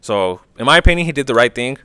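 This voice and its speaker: A man hosting a casual history podcast, opinionated and profane, briefly acting out quick voices. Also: mid-range voice, expressive, bright, forceful tone, clean tone, no room sound. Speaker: podcast host.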